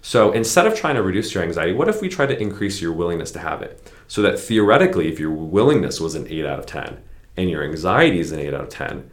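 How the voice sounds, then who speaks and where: Man, deep voice, psychologist guest, conversational explaining, tag questions, echoey room. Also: sing-song, fast talker. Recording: roomy echo.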